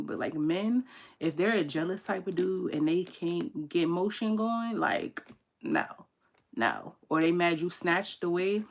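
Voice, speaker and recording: Low gravelly-voiced young woman chatting candidly. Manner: candid, animated storytelling with slang and laughter. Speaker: tarot reader and channel host. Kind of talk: casual livestream chat to viewers.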